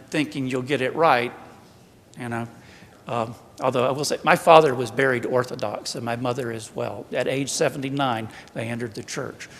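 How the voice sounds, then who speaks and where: A man's voice: medium pitch, a bit bright. A man with a Southern American accent gives a conversational sermon as a priest at a church retreat, preaching in a humorous, self-deprecating way. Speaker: priest giving a retreat talk. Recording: long church hall reverb.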